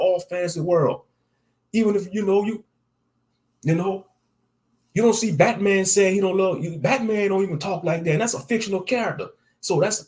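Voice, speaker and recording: Man, fairly high voice, preachy, reads scripture and riffs on it, repeats lines for emphasis. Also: darkish tone. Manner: casual slangy talk, repeats lines for emphasis. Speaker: online commentator. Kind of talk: live-streamed religious commentary.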